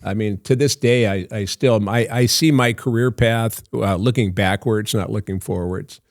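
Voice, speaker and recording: A man's voice: fairly low pitch, normal speed, dry recording, clean studio sound. An older man, an actor guest on a podcast, telling long anecdotes full of fillers and laughs. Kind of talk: storytelling in a podcast interview.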